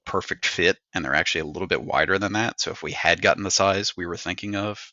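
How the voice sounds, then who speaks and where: A man's voice: low voice, fast talker, sharp tone, dry recording. A middle-aged man on a podcast, telling a story as a rant and acting out what people said. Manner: ranting storyteller, acts out quotes. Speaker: podcast co-host. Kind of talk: casual chat. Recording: slightly dull, dry podcast mic.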